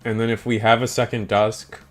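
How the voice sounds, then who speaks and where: A man's voice: on the low side, little pitch movement, a little fast, faint music behind. A young man hosting a stream, giving casual, rambling live commentary on a card game and chatting with viewers in slang. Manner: rambling and slangy, talks to chat.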